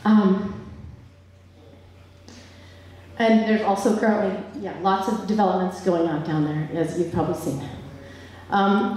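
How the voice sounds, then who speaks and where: A woman's voice: medium pitch, warm tone, recorded from a distance. Emotional woman in an echoey hall. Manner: emotional, earnest, laughs nervously. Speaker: public commenter. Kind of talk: public hearing comment. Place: large echoey public hall.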